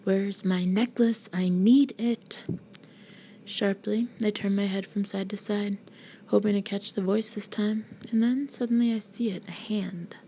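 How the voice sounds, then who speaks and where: A woman's voice: medium pitch, little pitch movement, normal speed, vocal fry, mellow, a little hiss or hum. A woman narrating a first-person audiobook in an intimate, often half-whispered way, on a slightly dull recording.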